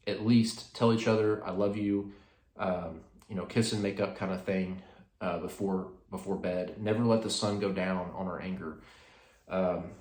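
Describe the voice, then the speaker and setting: A man's voice: fairly low pitch, roomy sound. A man hosting a casual devotional talk, speaking in a rambling way with many fillers and restarts. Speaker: host.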